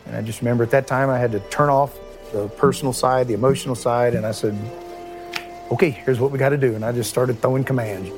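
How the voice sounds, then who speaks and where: Halting former police chief man. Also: medium pitch, steady tone, over music. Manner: halting, repeats words, emotional. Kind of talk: emotional recounting interview.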